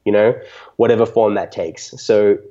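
A man's voice: fairly low pitch, fairly even intonation, normal speed, dark tone, lo-fi sound. A man being interviewed on a podcast, answering reflectively with many ums and restarts. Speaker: music podcaster, guest.

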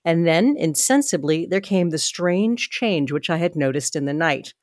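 A woman's voice: lowish voice, normal speed, no echo, clean studio sound. Woman reading a novel aloud at home. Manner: steady narration with small stumbles and asides.

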